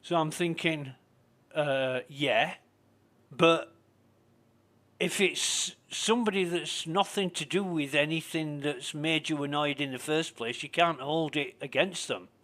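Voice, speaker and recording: A man's voice: fairly high pitch, unhurried, a bit bright. Profane man ranting while gaming. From Britain. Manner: profane, indignant, rambling. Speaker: game streamer.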